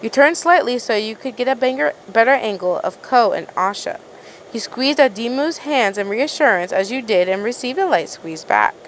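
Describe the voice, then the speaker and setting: A woman's voice: a little high, a little hiss or hum, poor audio. A woman reading a second-person fan story aloud in a casual way, often stumbling over words and restarting. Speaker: fan fiction reader.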